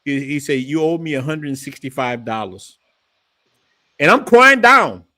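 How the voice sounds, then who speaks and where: A man tells stories in a relaxed chat. His voice is clear and dry, with no room sound. He gets animated and jumps up in pitch when he quotes someone. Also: unhurried, no echo. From New Orleans, Louisiana. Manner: animated storytelling, voice rising when quoting his father. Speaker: channel host. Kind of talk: casual storytelling chat.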